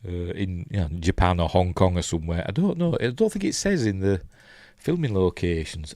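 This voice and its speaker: A man's voice: deep voice, lively intonation, moderate pace, hardly any pauses, dark tone, no echo, clean studio sound. A Yorkshire man hosting a casual live film breakdown. He rambles, thinks aloud and reads out viewer comments. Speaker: film reviewer host.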